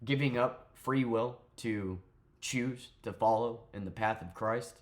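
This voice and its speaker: A young man, delivering a heated, profane, sarcastic political rant straight to camera. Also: lowish voice. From southern United States. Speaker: vlogger.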